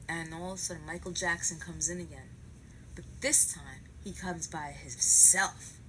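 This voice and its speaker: Animated, profane New woman storyteller. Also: sits low, normal speed, slight background noise, poor audio. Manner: profane, animated, dramatic acting-out. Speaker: comedian telling a story. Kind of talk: comic storytelling.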